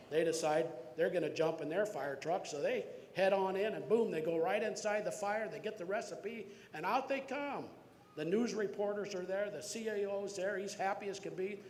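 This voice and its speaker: High-voiced man telling a stage joke. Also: darkish tone, slight background noise. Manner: folksy storytelling with quoted voices. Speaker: joke teller. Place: stage in a hall. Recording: echoey hall.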